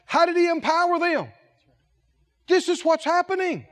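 A man's voice: very high voice, normal speed, a bit bright. A man preaching a sermon as head of a ministry, emphatic and repetitive, asking the congregation questions and acting out quotes.

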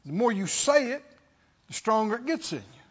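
A man's voice: high voice, sing-song, moderate pace, slightly rough. A male preacher giving an emphatic sermon and throwing rhetorical questions at his congregation, in a dull lo-fi recording.

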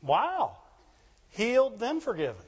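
A male pastor preaching with a high voice and an animated call-and-response delivery. The recording is slightly dull and lo-fi. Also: slow, breathy edge. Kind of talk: sermon.

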